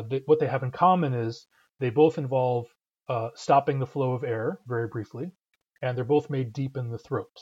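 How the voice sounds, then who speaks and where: A man gives a patient, methodical pronunciation lesson, often pausing with filler sounds. His voice is a bit husky at a middling pitch. The recording sounds slightly dull and lo-fi. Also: a little mellow. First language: English. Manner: patient, explanatory, frequent uh fillers. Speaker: language teacher.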